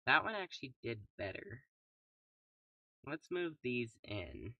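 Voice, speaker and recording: Slow, soft-spoken young gamer man. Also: medium pitch, gravelly, no room sound, recorded from a distance, highs cut off. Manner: calm, soft-spoken, playful made-up sound words. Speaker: gaming YouTuber. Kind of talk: casual gameplay commentary.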